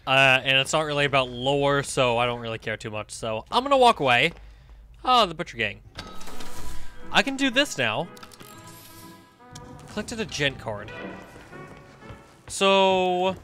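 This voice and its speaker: A young man giving excitable let's-play commentary, laughing often and talking to the game characters. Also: medium pitch, moderate pace, long pauses, soft background music. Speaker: gaming YouTuber.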